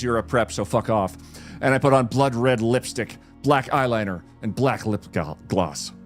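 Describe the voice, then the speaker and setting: A man streamer giving a comedic dramatic reading with a dry, mock-serious delivery. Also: mid-range voice.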